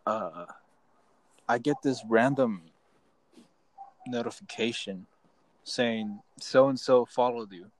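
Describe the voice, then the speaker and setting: A man's voice: medium pitch, takes it slowly, pauses often, low-quality recording. A young man telling a rambling, profane story to his friends in casual chat. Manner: rambling, profane, restarts often.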